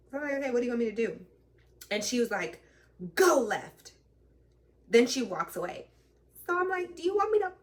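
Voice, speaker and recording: A young woman telling a story in a casual, animated way, acting out both sides of an argument and swearing freely. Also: medium pitch, distant mic. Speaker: trucking vlogger.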